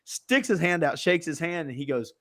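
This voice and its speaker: A man's voice: fairly high pitch, animated, normal speed, sharp tone, no room sound, studio quality. A middle-aged man hosting a podcast interview, telling stories in a chatty way with many fillers. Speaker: podcast host. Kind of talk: casual interview chat.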